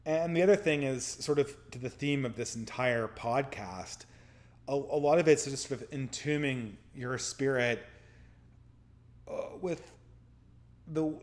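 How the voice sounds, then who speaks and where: A man hosting a live podcast, answering viewer messages in loose, rambling talk full of restarts; he is tired and losing his voice. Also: medium pitch. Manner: rambling, frequent restarts and stammers. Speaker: podcast host reading super chats. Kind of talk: casual live-stream commentary.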